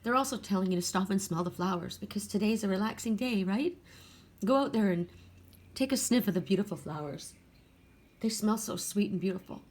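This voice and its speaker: A woman's voice: medium pitch, a little mellow. An older woman giving a casual spoken oracle card reading, earnest and spiritual, talking straight to viewers with frequent restarts and self-corrections.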